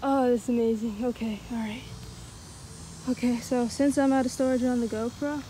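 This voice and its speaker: A tired woman with a cracking voice, rambling excitedly in a casual outdoor fishing vlog by a pond, recorded on a handheld camera. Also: a little high, normal speed, a little hiss or hum, rough recording. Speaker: fishing vlogger. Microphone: handheld phone or action camera.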